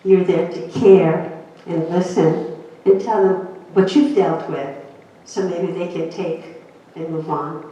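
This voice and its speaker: An older woman speaking to a church women's gathering, telling personal stories in a chatty, animated way with laughter. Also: lowish voice. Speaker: guest speaker. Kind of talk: humorous personal storytelling talk. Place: large church hall. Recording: echoey, dull hall sound from far off.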